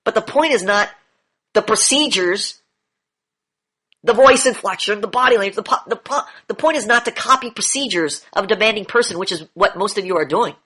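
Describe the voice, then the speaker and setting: A man's voice: high-pitched, lively intonation, a little fast, sharp tone, breathy edge. A man coaching a group in an online session, lecturing bluntly, repeating key phrases and swearing now and then. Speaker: demand training coach.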